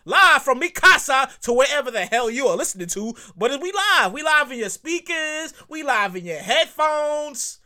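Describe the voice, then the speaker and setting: A man hosting his own podcast in a casual, comedic monologue, repeating himself, swearing freely and breaking into high squeals of delight. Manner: animated, repetitive, profane, bursts into high squeals. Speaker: podcast host.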